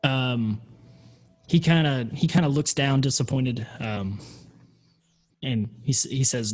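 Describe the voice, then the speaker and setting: A man's voice: mid-range voice, slow, long pauses, faint music behind. Hesitant male game master. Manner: hesitant, many ums. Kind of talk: narrating a tabletop game.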